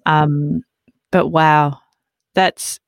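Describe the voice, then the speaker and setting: A woman hosting a casual podcast with a notably low voice. She chimes in with short reactions. The recording is close and dry, with no room sound. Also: steady tone, extremely slow, vocal fry, no room sound. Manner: warm interjections and back-channel responses. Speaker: podcast host. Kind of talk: casual interview.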